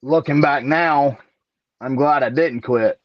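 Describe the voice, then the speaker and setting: A man from Alabama answers at a very slow, measured pace, clearing his throat now and then. His voice sits at an ordinary pitch. The recording is dry and dull, with a lo-fi edge. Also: no room sound. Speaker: wrestler guest. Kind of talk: casual interview answers.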